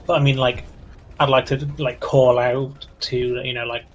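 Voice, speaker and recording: A man's voice: mid-range voice, level tone, moderate pace. A man playing in a tabletop game, talking in a casual, tentative, hedging way. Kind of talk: casual chat.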